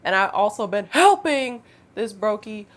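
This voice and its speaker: A woman, telling a storytime vlog in a chatty, animated way with laughing asides. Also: mid-range voice, unhurried. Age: 20s. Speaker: storytime vlogger. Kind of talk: casual storytime monologue.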